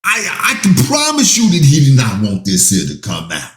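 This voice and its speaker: A man reading out documents and adding his own comments, slow and emphatic, breaking into exasperated asides. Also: mid-range voice, wildly swooping pitch, roomy sound. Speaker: commentator reading a legal statement.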